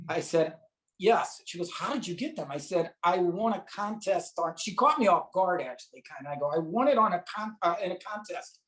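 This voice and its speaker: A man's voice: sits high, moderate pace, a bit bright. A man from St. Louis telling a personal story as an interview guest, acting out the voices of people he quotes. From St. Louis, USA. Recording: roomy echo.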